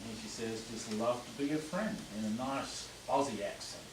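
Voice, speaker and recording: A man's voice: mid-range voice, moderate pace. A man giving a conversational lecture to a live audience, explaining examples and quizzing the room. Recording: echoey room, distant mic, noisy.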